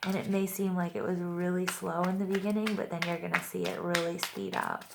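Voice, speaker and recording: A woman's voice: lowish voice, flat delivery, a little fast, creaky, very noisy. Chatty woman giving a tarot reading. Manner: chatty, upbeat, many fillers like "you know" and "like"; reassuring, addresses viewers directly. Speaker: tarot reader. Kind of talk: casual spoken tarot reading.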